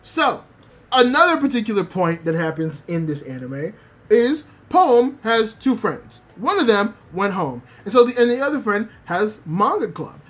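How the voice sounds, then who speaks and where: A woman's voice: medium pitch, measured pace, soft background music. A woman streaming as a VTuber, chatting casually about anime with lots of swearing and fillers, reading chat messages aloud. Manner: animated, profane, rambling with many fillers.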